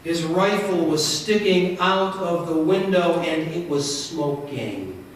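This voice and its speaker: Male pastor with a high voice, animated storyteller, captured from afar in a very reverberant sanctuary with a faint hum behind. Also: takes it slowly. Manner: animated storytelling with wide swings in pitch and loudness. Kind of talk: sermon. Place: church sanctuary. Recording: very echoey church, from far off.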